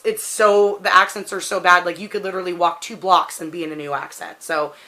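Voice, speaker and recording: With a pushed, bright mid-range voice, the woman, a vlogger in her thirties with a Pacific Northwest American accent, answers a question tag in a rambling, chatty way full of "like" fillers.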